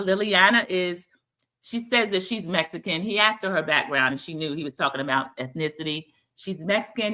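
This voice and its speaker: Chatty woman hosting a bright live recap. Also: fairly low pitch. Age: middle-aged. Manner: chatty, addresses viewers as y'all, acts out quotes. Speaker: host recapping a dating show. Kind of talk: casual live-stream commentary.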